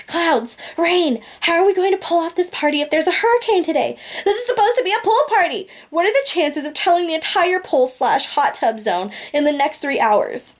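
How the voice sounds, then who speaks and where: Brief: woman reader doing a spoiled teen girl, high-pitched, frantic and urgent. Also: animated, moderate pace, hardly any pauses. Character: spoiled panicking teenage girl.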